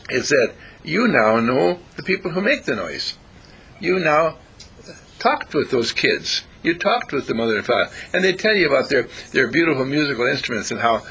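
Brief: male storyteller, very husky voice, bright and forceful, swings all over his pitch while acting out quotes. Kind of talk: casual advice monologue.

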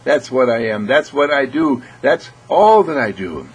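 A man's voice: mid-range voice, expressive, a little slow, low-quality recording. Earnest man giving a spiritual talk. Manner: earnest, repetitive, clears throat often. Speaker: spiritual speaker.

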